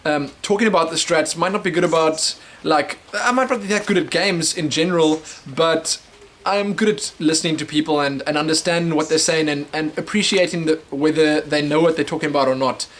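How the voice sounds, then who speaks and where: A man's voice: on the high side, brisk, fairly bright tone. A young man from South Africa hosting a casual webcam show, answering viewer questions in a rambling, chatty way full of fillers and restarts. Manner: rambling, chatty, many fillers and self-corrections.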